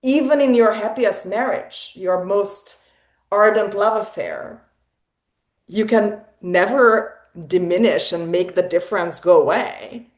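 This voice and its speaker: A woman talks through a casual literary discussion in a lively, rambling way, often laughing and tripping over her own restarts. Her voice sits at a middle pitch and carries a noticeable room echo. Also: slow. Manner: animated, digressive, laughs often, many restarts. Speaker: salon host. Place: online video salon.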